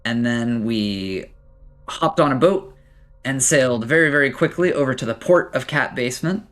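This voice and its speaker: A man's voice: mid-range voice, lively intonation, moderate pace, fairly bright tone. A man running a tabletop game as game master, narrating loosely with many fillers and restarts.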